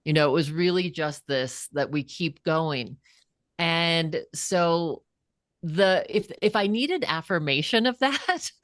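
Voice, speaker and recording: Low-voiced woman telling a heartfelt story. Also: no echo, clean studio sound. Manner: earnest, animated, acts out quoted voices. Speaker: guest, author and coach. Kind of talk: personal storytelling in an interview.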